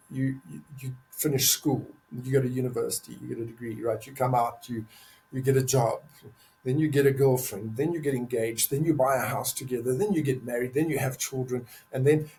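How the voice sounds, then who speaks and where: Emphatic older man with a gravelly voice. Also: medium pitch, darkish tone, rough recording. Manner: earnest, emphatic, repeats words for stress. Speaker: podcast guest, men's advocate. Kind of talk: candid conversational interview.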